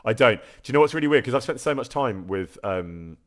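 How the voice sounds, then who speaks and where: A man's voice: mid-range voice, lively intonation, fairly quick. A man, chatting casually on a live stream and answering viewer questions, self-deprecating and laughing often. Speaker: streamer and actor.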